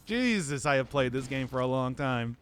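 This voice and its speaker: A man's voice: mid-range voice, animated, normal speed, clear, resonant tone. A man rambling through casual gameplay commentary, laughing often and mocking himself, his voice groggy from not having talked all day. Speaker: streamer.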